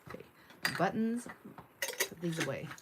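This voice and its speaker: A middle-aged woman chats animatedly and unhurriedly in a lowish voice during a casual crafting livestream, laughing often and reading viewer comments aloud as she works. The recording is very noisy.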